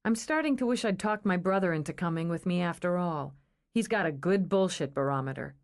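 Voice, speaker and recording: A woman's voice: on the low side, animated, a little fast. A woman reading an audiobook, voicing a blunt, wry, irritable young librarian.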